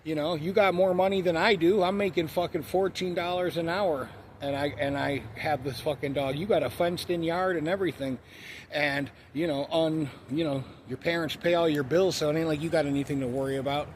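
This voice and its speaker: A man's voice: a little high, fairly even intonation, brisk, slight background noise. A man telling a story in a blunt, profane, ranting way, in a casual monologue. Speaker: vlogger.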